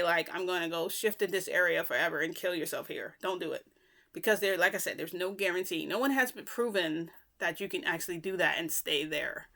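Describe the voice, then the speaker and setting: Chatty young woman with a bright voice. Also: fairly low pitch. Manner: rambling, chatty, many fillers and restarts. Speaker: vlogger. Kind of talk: casual storytelling vlog.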